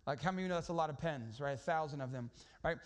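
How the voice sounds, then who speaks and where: High-voiced pastor, casual sermon. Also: male voice, very fast. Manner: conversational, storytelling, many restarts.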